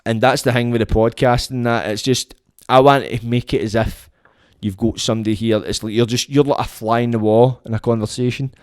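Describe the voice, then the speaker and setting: A man's voice: medium pitch, fairly even intonation, a little fast, no room sound, studio quality. A Scottish man hosting a podcast, rambling and swearing in a casual monologue into his phone. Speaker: podcast host.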